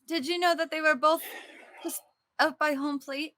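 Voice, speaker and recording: Playful female player, high bright voice. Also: steady tone, moderate pace, no echo, studio quality. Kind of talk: in-character tabletop play.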